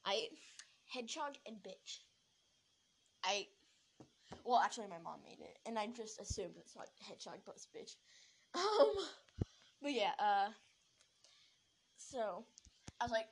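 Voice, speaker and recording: High-voiced woman rambling through a story. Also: unhurried, pauses often, a little hiss or hum, rough recording. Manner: rambling, excited, many restarts. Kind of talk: casual storytelling.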